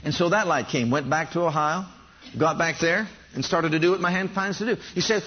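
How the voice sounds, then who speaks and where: Male preacher, fairly high husky voice, animated storytelling from the pulpit, slightly dull recording. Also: moderate pace. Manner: animated storytelling, addresses congregation directly. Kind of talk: sermon.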